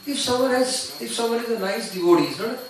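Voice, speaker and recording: A man's voice: very high-pitched, expressive, fast, slight background noise. A man giving an earnest devotional seminar talk, advising and telling stories. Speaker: seminar speaker. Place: temple seminar hall. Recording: very echoey hall, mic far off.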